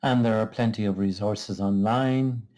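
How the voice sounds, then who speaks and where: A man teaching English pronunciation, explaining exercises in a slow, careful, measured way. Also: on the low side, fairly even intonation, warm tone. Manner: slow, careful, measured delivery with small restarts. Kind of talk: scripted lesson explanation.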